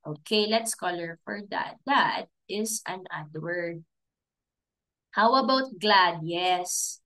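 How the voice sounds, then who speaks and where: A woman teaching a recorded preschool class, talking slowly and sounding out letters step by step for small children. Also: fairly low pitch, sharp tone. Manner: slow, sounding out letters and giving simple steps.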